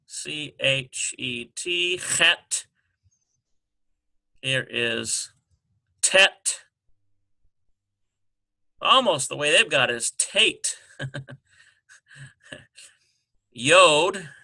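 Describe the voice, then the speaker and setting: A man slowly working through a language exercise, sounding out syllables and spelling letters one by one. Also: mid-range voice, gravelly, sharp tone. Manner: slow and halting, sounding out syllables. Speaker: Hebrew teacher. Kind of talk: screen-recorded lesson walkthrough.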